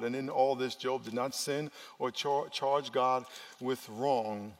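A man preaching a sermon as pastor, swinging between loud urgent passages and quiet, hushed ones. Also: mid-range voice, steady tone, slow. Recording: long reverb of a large hall.

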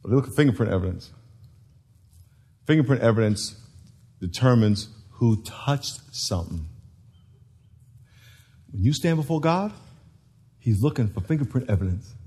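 A man's voice: medium pitch, expressive, unhurried, pauses often, mellow, slightly rough. A man preaching a sermon to a congregation, telling stories, acting out voices and laughing. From United States.

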